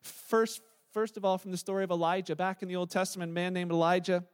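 A man in his thirties delivers a sermon, retelling a scripture story with animated energy and slipping into the voices of the people he quotes. His voice sits high for a man, bright and easy to follow. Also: fast talker, clean tone. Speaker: pastor.

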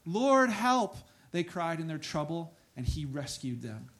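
A man preaching a sermon, reading scripture aloud and breaking into soft asides and loud exclamations. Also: a little high, big pitch swings, unhurried. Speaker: pastor.

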